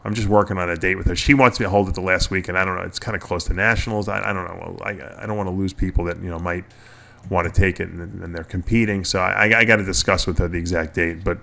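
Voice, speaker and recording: Gravelly low-voiced male radio host. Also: fairly even intonation, fast talker, bright, forceful tone. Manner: rambling, chuckling storyteller. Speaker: podcast host. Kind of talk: casual radio show chat.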